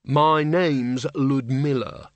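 A man's voice: medium pitch, steady tone, drawn-out words, no echo. A man voicing a level-headed young woman who speaks bluntly and evenly.

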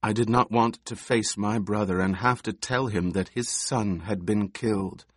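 A man's voice: on the low side, moderate pace, slightly rough, no room sound, clean studio sound. A man voicing an eerie, haughty little girl who speaks in a cool, precise, scornful way.

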